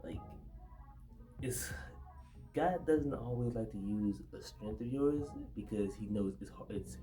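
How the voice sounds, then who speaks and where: A man co-hosting a casual faith conversation, halting and full of fillers, with a stutter. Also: fairly low pitch, mellow, soft background music. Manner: halting, many fillers, laughs easily. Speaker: podcast co-host.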